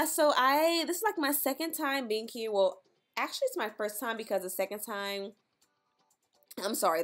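A young woman commenting on her gameplay in an excitable, dramatic, chatty way, with faint music behind her. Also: on the high side. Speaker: gaming YouTuber.

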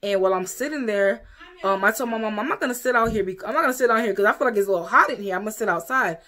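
A young woman from the United States telling a story to camera in a casual, animated way, acting out what other people said. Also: mid-range voice, very fast. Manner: animated, quotes people in exaggerated voices. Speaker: vlogger.

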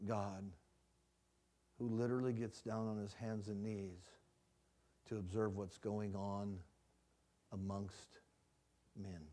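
A man evangelist preaching a sermon in a church, swinging from hushed passages to loud rising climaxes and acted-out stories. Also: fairly low pitch. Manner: storytelling with shouted acted-out cries. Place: church sanctuary.

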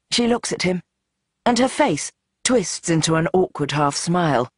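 An audiobook narrator reading in a tense, dramatic way, speeding up and slowing down with the action. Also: mid-range voice, lively intonation, dry recording, studio quality. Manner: tense, dramatic, shifting pace. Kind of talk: scripted narration.

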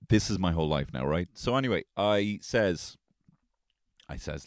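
A man's voice: sits low, animated, moderate pace, no room sound, studio quality. A man hosting a podcast, rambling through a comic story with lots of "right?" and swearing. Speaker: podcast host. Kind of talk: comedic solo storytelling.

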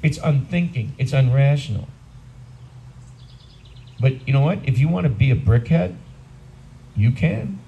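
A man's voice: medium pitch, animated, measured pace, pauses often, dark tone, low-quality recording. A man in his sixties, a priest, preaching a homily in a blunt, conversational, self-deprecating way. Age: 60s. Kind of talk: sermon.

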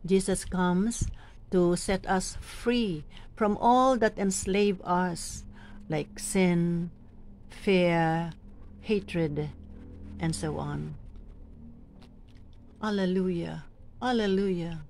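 A woman with a Filipino accent who coaches lectors, reading scripture slowly and with deliberate emphasis between her tips. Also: on the low side, fairly even intonation, a little mellow, slight background noise. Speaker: lector trainer. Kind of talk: teaching and modeling scripture reading.

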